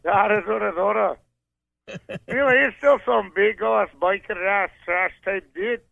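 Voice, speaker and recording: Hoarse, cracking-voiced caller from Scotland; crude, boastful tough-guy bluster, high and gravelly. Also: measured pace, no echo, narrow, tinny audio. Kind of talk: crude comic call-in banter.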